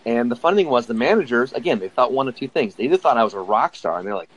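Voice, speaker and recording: A man's voice: mid-range voice, sing-song, fast talker, few pauses, low-quality recording. A man chatting casually as a guest, telling anecdotes with lots of fillers. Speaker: guest, former mascot. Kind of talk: casual conversation.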